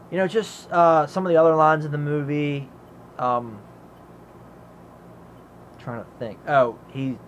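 An enthusiastic man talks through a film in a casual review at an average pitch. He rambles, recounts scenes and leans on "you know" fillers. A faint noise sits behind him. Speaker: movie reviewer. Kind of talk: casual movie review vlog.

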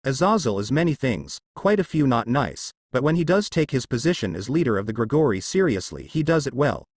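A man reading a fanfic aloud, voicing a calm, menacing young male demon ninja who talks dryly and pleasantly. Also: mid-range voice, fairly quick, slightly rough, no room sound. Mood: cool. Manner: dry, pleasant, quietly threatening.

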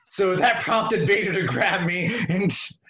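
A man telling wrestling stories as a podcast guest, animated and often breaking into laughter. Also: sits high, unhurried, lo-fi sound. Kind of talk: casual storytelling.

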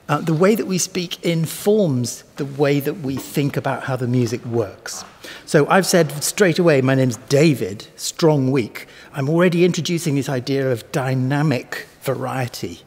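A cellist explains musical ideas to camera in a thoughtful, teaching manner, sometimes speaking words aloud to show their stress. His slightly high voice is a little mellow and husky, recorded with a microphone in front of him in a large, echoey hall where the lights flicker.

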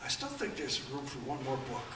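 A man in his eighties telling rambling anecdotes at a book event, halting often with fillers. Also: medium pitch, big pitch swings. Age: 80s. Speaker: author and guest. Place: event room. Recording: echoey room, distant mic, faint room noise.

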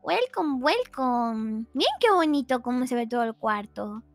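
Super high-pitched woman streamer, dramatic and giggly, bouncy up-and-down voice. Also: lively intonation, moderate pace, no room sound, faint music behind. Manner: dramatic, giggly, mock-pleading. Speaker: VTuber guest. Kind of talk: playful livestream chat. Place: home streaming setup.

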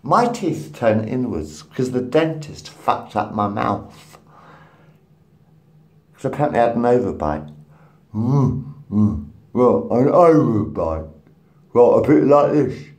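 Gravelly rambling man in his fifties. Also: medium pitch, lively intonation, slow, pauses often. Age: 50s. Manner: rambling, profane, swings between mutters and loud outbursts. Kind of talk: rambling solo monologue to camera.

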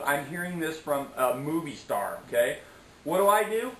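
A man's voice: a little high, animated, moderate pace, a bit bright, reverberant, slight background noise, poor audio. A middle-aged man telling a story in a casual vlog, chatty and preachy, often tossing in "okay?" and "anyways". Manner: preachy, motivational asides. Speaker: vlogger.

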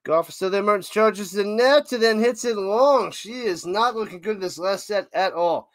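Excitable man calling tennis play-by-play. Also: high voice, moderate pace, no echo, studio quality. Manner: excitable, hums and chants between points. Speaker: live-reaction streamer doing play-by-play. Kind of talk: casual live play-by-play commentary.

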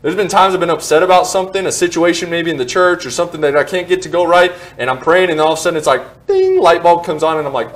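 Male pastor preaching, fairly high voice, animated, joking, self-deprecating. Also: quick pace, few pauses. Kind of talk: sermon. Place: church sanctuary.

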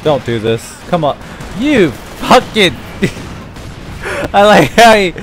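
A young man gaming with a friend, talking crude and profane, often laughing and shouting. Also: fairly high pitch, sing-song, takes it slowly, a little hiss or hum. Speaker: gamer. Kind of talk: casual gameplay chat.

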